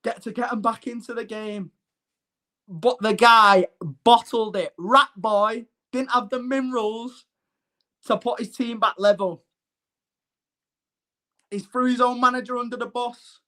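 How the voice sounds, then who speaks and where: A man's voice: very high voice, fairly even intonation, measured pace, long pauses, sharp tone. A man hosts a live-streamed football show. He talks to his chat in a brash, mocking and emphatic way. His delivery is blunt and combative.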